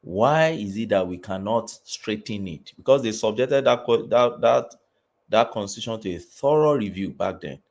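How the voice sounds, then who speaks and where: Low-voiced Nigerian man debating a point. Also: animated. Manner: measured, building an argument point by point. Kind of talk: live call-in debate.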